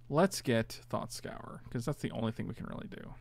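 A man's voice: mid-range voice, normal speed, gravelly, darkish tone. A man casually commentating his own online card game, chatty and self-mocking, groaning at his bad draws.

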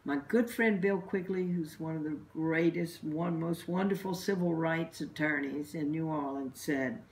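A woman's voice: sits low, unhurried, few pauses, a little mellow, distant mic, a little hiss or hum. A woman who is a religious sister and activist, giving an earnest, emphatic recorded message of encouragement to protesters. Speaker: religious sister and anti-death-penalty activist.

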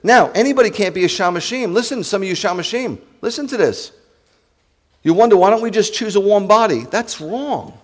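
A man, a rabbi preaching to his congregation in an animated, joking way and speaking straight to the listeners. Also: high voice, a little fast. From New York. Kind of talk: sermon.

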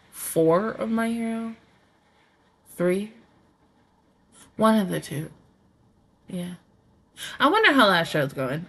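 A woman hosts a casual anime reaction review, talking fast and excitably and swearing freely. Her voice sits high and bright. Her pitch leaps around constantly as she laughs through her thoughts.

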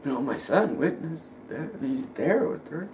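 A middle-aged man giving an emotional personal testimony, halting and repeating words, sometimes dropping almost to a whisper. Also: fairly high pitch, big pitch swings, a little mellow, slight background noise.

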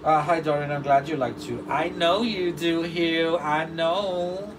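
His voice sits on the high side and stays unhurried as he reads out viewer comments and responds during a casual livestream. A washing machine churns nearby, and the far-off mic catches a steady background hum.

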